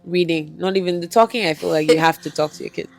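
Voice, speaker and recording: A woman's voice: fairly low pitch, fast talker, creaky, soft background music. Chatty woman podcast host. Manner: chatty, animated storytelling. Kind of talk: podcast interview.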